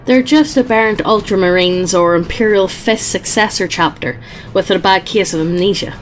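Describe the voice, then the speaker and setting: A woman's voice: medium pitch, normal speed, soft background music. A woman co-hosting a podcast, reading fan posts aloud in a dry, matter-of-fact way. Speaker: podcast co-host.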